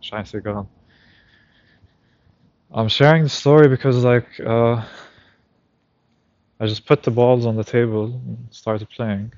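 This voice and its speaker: A man's voice: medium pitch, fairly even intonation, takes it slowly, pauses often, a little mellow, no room sound, muffled recording. A man talking to himself on a night walk outdoors, recounting a story in a reflective, casual monologue. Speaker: vlogger.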